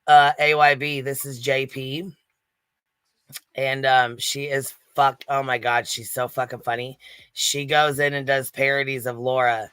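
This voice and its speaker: Man, livestream host, casual profane commentary, bright, dry close mic. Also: medium pitch, clear, resonant tone, no echo. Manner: gossipy, laughing, heavy swearing.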